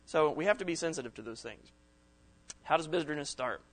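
Conversational man preaching, higher voice. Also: expressive, a little fast, fairly bright tone. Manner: conversational, acts out quoted texts and reactions. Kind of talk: sermon to young people at camp.

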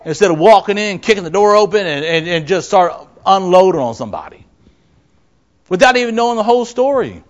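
A man preaching a sermon, his voice riding high and swinging widely in pitch. He keeps throwing rhetorical questions at the congregation. Now and then he slips into acting out the people he quotes. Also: expressive, brisk, dull audio. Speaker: pastor.

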